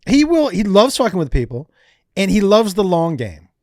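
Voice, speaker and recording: A man who is a comedian guest on a podcast, telling animated, profane stories in casual chat. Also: high voice, normal speed, dry recording, clean studio sound.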